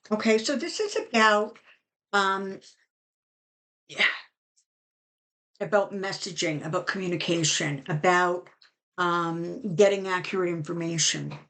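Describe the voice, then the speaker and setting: A woman's voice: medium pitch, a bit bright. A middle-aged woman tarot reader talking casually and with strong opinions, full of fillers, as she reads cards for her channel. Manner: chatty, opinionated, many fillers. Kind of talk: casual channel talk with card reading.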